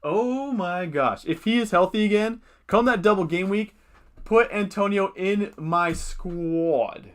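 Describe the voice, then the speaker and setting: A man's voice: sits high, slow pace. A man hosting a casual fantasy football livestream. He thinks aloud, reads out viewer comments and uses many fillers.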